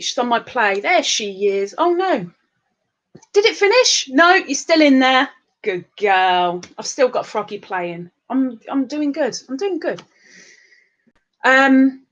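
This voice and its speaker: A woman's voice: on the high side, lo-fi sound. A tired woman hosting a casual live stream, chatting bubbly and greeting viewers by name with big upward swoops.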